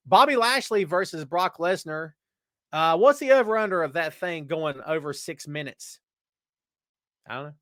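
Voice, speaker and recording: Animated man hosting a wrestling podcast. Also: fairly high pitch, moderate pace, dry recording, clean studio sound. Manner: animated, reads out viewer comments. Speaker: podcast host. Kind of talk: live-chat wrestling talk.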